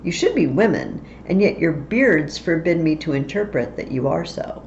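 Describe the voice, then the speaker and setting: A woman's voice: low voice, animated, normal speed, a little mellow, a little hiss or hum. A woman voicing a wary male nobleman and soldier who declaims searching questions, from a slightly dull recording. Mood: wondering.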